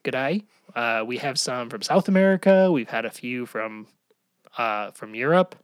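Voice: mid-range voice, lively intonation, normal speed, clear, resonant tone, no echo, studio quality. A podcast co-host in casual chat, talking chattily and laughing often.

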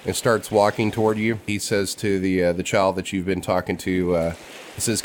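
Low-voiced game master narrating. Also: male voice, normal speed, a little hiss or hum. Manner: relaxed narration full of "uh" fillers.

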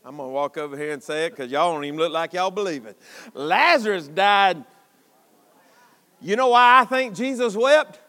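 A man preaching a sermon, building to shouted emphasis with long dramatic pauses. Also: on the high side, clear, resonant tone. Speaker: pastor. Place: church sanctuary. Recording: long reverb of a church hall.

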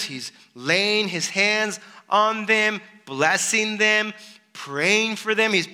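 A man preaching a sermon, animated and full of rhetorical questions. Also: high voice. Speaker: pastor.

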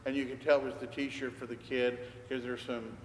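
A man's voice: mid-range voice, little pitch movement, fairly quick. An older man, a priest, preaching a sermon as a conversational story and acting out the dialogue. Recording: echoey church hall, faint background noise.

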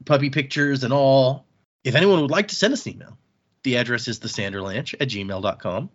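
A man's voice: mid-range voice, a little fast. Easygoing man on a muffled recording. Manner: easygoing, rambling, trails off mid-sentence. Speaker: podcast co-host. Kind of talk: casual chat. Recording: muffled lo-fi audio.

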